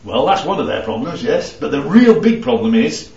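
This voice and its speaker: A man with a fairly high voice that rises and falls a lot leads a casual Bible study. He keeps checking in with his listeners as he explains. He sounds distant and echoey on a dull, lo-fi recording. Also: big pitch swings, moderate pace, gravelly, darkish tone. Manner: conversational, keeps checking in with "right?" and "yeah?". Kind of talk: informal Bible study teaching. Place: room with a small group.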